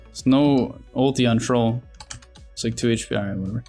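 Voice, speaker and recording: A man commentating his own match in a casual, thinking-aloud way, critiquing his plays with restarts and quick laughs. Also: mid-range voice, dark tone, soft background music. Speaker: gameplay commentator.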